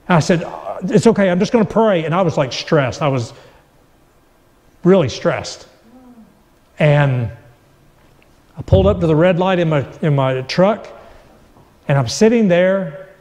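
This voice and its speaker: A man's voice: on the high side, darkish tone. Guest, middle-aged man giving a spoken testimony in a reverberant space, voicing the people in his story. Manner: storytelling, acts out quoted dialogue. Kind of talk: personal testimony.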